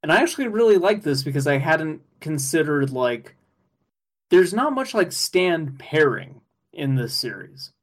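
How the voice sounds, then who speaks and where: A man co-hosting a podcast, chatting casually and excitedly, laughing often and rambling with fillers. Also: on the high side, measured pace. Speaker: podcast co-host. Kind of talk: casual chat recapping an anime episode.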